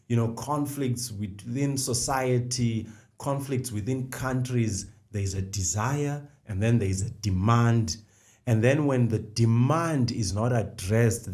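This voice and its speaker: On a conversational faith podcast, this middle-aged co-host works through ideas one step at a time and comes back to the key phrases. He speaks in a mid-range voice that is a little mellow.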